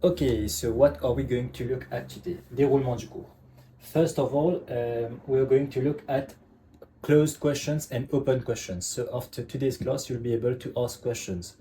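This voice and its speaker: A man's voice: medium pitch, moderate pace, dark tone, a little hiss or hum. A man teaching a French lesson in English, explaining step by step and checking in with "okay?" all the time. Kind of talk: online language lesson.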